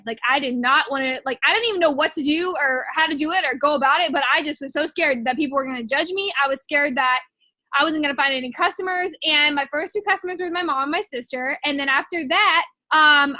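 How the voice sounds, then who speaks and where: Chatty high-voiced young woman. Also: brisk, pushed and bright, dry recording. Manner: chatty, rambling, heavy filler words. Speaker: network marketing distributor. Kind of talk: casual personal testimony.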